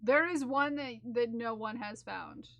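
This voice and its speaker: A woman livestreamer chatting casually with her viewers in a playful, giggly way, often repeating phrases in silly drawn-out voices. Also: a little high, creaky, a bit bright, no room sound. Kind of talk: casual live-stream chat with viewers.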